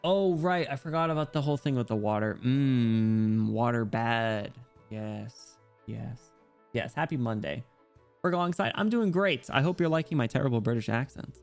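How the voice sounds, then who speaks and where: A man chatting casually with his stream viewers, playful and quick to laugh, with soft music behind. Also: mid-range voice, expressive.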